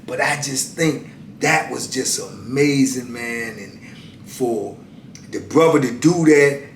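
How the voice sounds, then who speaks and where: A middle-aged man telling prison stories in a casual, colloquial way, often saying "man" and swinging between loud and hushed. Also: takes it slowly, creaky. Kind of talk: casual storytelling. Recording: echoey room, mic at a distance, faint rumble.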